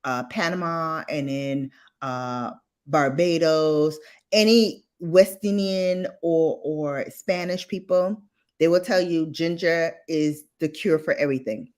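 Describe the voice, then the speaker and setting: A woman's voice: low-pitched, slow pace. A young woman with a Brooklyn accent, chatting as a podcast host and acting out her relatives as she tells stories. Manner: animated storyteller, acts out relatives in voices. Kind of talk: casual chat.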